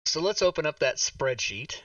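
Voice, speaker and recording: Bright-voiced man muttering through a setup. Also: fairly high pitch, animated, moderate pace, no echo, distant mic. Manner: swears under breath, talks to himself. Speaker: game master. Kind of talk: casual stream chat, muttering while fixing setup. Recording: dull lo-fi mic, slightly off-mic.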